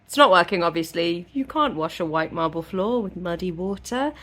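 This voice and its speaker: A woman's voice: lowish voice, moderate pace, hardly any pauses, a bit bright. A woman casually recapping a book, chatty and irreverent, with some swearing. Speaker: book vlogger.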